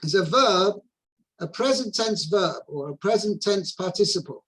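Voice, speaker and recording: A man with a notably high voice guides a student through a text, translating phrase by phrase. His explanations are patient and methodical. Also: animated, normal speed, fairly bright tone, husky, rough recording. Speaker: teacher. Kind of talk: explaining a text in a study session.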